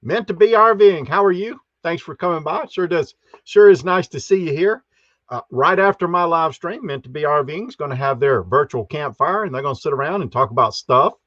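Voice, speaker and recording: A man hosts a live stream, greeting each viewer in a folksy way. His voice sits a little high. The sound is dry and slightly dull, like a lo-fi home setup. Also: a bit bright, dry recording. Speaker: host.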